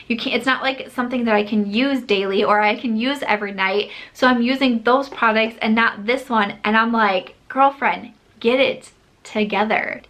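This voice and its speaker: A woman's voice: fairly high pitch, fairly bright tone. A woman beauty vlogger chatting casually to camera, emphatic and scolding herself with mock exasperation. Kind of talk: casual vlog chat.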